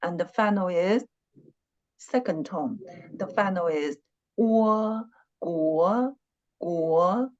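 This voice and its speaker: A woman teaches a language lesson online at an unhurried, deliberate pace. She repeats each syllable and tone many times with patient care. The sound is slightly dull and muffled, like class audio over the internet. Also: fairly low pitch, a little mellow. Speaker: Chinese teacher.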